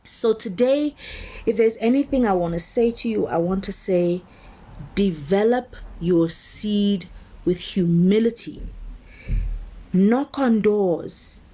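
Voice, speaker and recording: A woman minister delivering a motivational sermon in a conversational, emphatic way. Her pitch is average for a woman, and she slows down and repeats phrases to drive each point home. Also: mellow, breathy edge. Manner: conversational and emphatic, slowing to stress key words; builds points through repetition. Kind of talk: motivational sermon-style talk.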